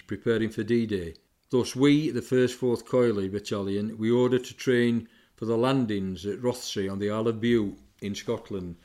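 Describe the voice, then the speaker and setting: An older man, plainly recounting his war memories in a reflective way. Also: fairly low pitch. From England, Sheffield. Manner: plain-spoken, reflective, softening with grief. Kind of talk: personal memoir recollection.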